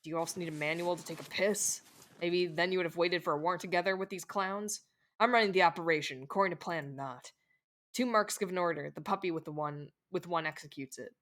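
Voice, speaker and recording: A woman's voice: on the low side, fast, a bit bright, voice pushed down, natural voice. A woman voicing a brash male kidnapper in a game, barking bossy orders.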